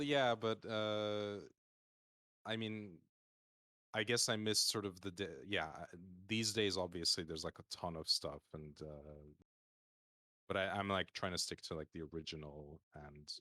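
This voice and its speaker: A man with a low, deep voice and a bright, forceful edge talks casually on a live call panel. He rambles, hesitates and restarts, padding his thoughts with fillers. The sound is dry and close. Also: no echo. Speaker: community roundtable guest. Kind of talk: casual panel chat on a stream.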